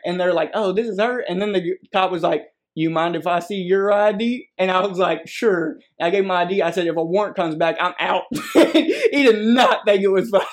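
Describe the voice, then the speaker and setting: A man's voice: sits high, fairly quick, hardly any pauses. A man telling profane, laughing stories about run-ins with police in a casual podcast chat. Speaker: podcast host.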